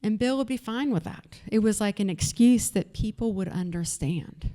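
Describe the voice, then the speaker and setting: A woman's voice: medium pitch, moderate pace, mellow. A woman with a Texas accent telling her own story to an audience at an event, candid and conversational, with many fillers. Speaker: event speaker. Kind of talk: personal story told to an audience. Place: event venue.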